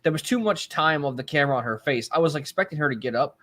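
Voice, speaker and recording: A man's voice: a little high, lively intonation, fast talker, fairly bright tone. A man co-hosting a casual podcast chat, sure of his predictions, with lots of "like" and "I mean.". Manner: confident predictions, filler-heavy. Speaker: podcast co-host.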